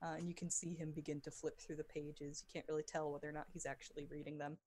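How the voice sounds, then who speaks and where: A woman narrating as game master, with many pauses and fillers. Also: sits low, level tone, a little mellow. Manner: halting, many fillers and restarts.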